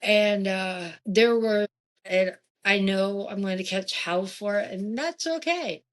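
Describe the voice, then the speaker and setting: A woman, probably in her forties, is a guest casually recounting her experiences in a haunted house, taking it slowly. She becomes animated and lively when quoting others, her pitch jumping for their voices.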